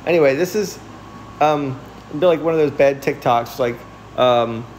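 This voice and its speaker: A man's voice: normal speed, a little hiss or hum, low-quality recording. A young man chatting casually on a livestream from his newly moved-into house. He rambles, restarts and corrects himself. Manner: coos to his cats in a high soft voice.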